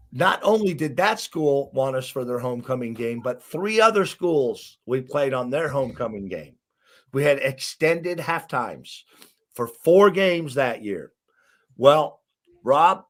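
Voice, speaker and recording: A middle-aged man from Arkansas, a basketball coach, telling stories as an interview guest in an emphatic, animated way. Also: mid-range voice, measured pace. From Arkansas, USA. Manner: emphatic, animated storyteller who acts out quotes. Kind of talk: storytelling in an interview.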